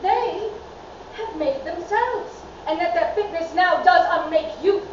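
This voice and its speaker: A woman's voice: very high-pitched, takes it slowly. An actress playing a fierce noblewoman goading her husband, in a commanding Shakespearean stage monologue. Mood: scornful. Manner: scornful, commanding verse delivery. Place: theatre stage. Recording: echoey hall, far off, dull, noisy.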